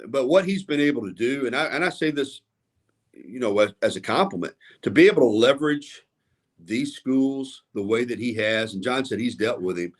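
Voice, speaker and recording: A man's voice: mid-range voice, lively intonation, moderate pace. A man who hosts his own sports radio show, giving opinions on a panel, hedging and restarting his sentences as he goes. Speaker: guest sports radio host. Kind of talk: casual panel discussion.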